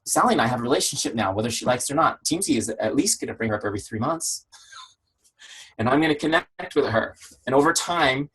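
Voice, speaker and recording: A man leading a team training call on a video call, energetic and conversational, peppering his talk with rhetorical questions. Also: mid-range voice, husky, low-quality recording. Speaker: network marketing trainer. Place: home office shed.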